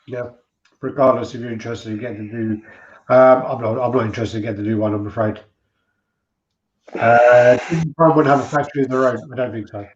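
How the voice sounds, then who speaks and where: A man's voice: mid-range voice, fairly even intonation, brisk, a little hiss or hum. A man co-hosting a casual livestream chat about collectibles. He rambles, swears and tells jokes. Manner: rambling, swearing, joke-telling. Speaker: co-host. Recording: muffled, roomy stream audio.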